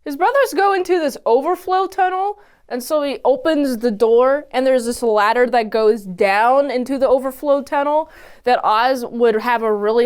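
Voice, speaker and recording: A woman giving a casual, animated recap of a TV episode, often exclaiming and acting out the characters' lines. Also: a little high, clear, resonant tone. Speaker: TV episode reviewer.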